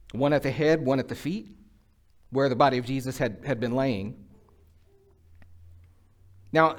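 A middle-aged man preaching a sermon in a conversational way, acting out quoted lines with a rising voice. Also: fairly low pitch. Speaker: pastor.

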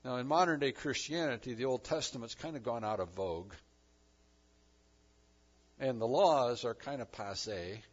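A man preaching a sermon, swinging between loud emphasis and quiet asides. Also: mid-range voice, normal speed, pauses often, husky, highs cut off. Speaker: pastor.

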